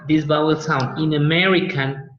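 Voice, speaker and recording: A man's voice: fairly high pitch, steady tone, normal speed, fairly bright tone. A man teaching an online class, explaining patiently and repeating words to model pronunciation. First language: Spanish. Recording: echoey, dull lo-fi audio.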